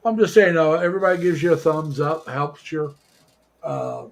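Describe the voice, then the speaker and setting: Man, middle-aged, from the States, casual livestream host, halting, rambling, lightly raised pitch. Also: rough recording. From United States. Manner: rambling, halting with many fillers.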